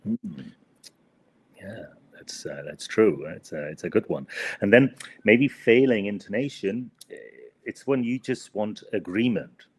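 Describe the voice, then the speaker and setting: A man's voice: on the low side, a little slow, breathy edge. A man co-hosting a podcast English lesson, hesitant and full of fillers, often adding "no?" to his sentences. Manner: hesitant, many fillers and tag "no?". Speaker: co-host and English teacher.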